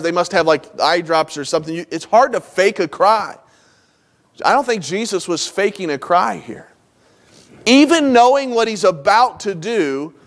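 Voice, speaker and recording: A man preaching a sermon in a folksy, conversational way, moving between loud emphatic lines and soft low asides. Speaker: pastor.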